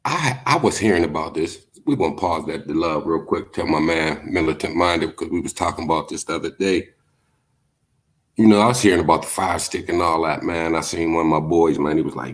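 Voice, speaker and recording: A man's voice: extremely low pitch, fairly quick. A man hosting a livestream, chatting casually, telling stories and reading comments, laid-back and profane with lots of filler words. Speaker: livestream host.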